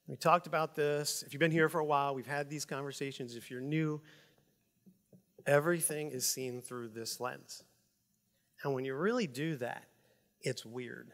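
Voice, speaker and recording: A man preaching a sermon as pastor, emphatic and animated, swinging between loud stresses and quiet asides. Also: on the high side, vocal fry. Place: church sanctuary. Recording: long hall reverb.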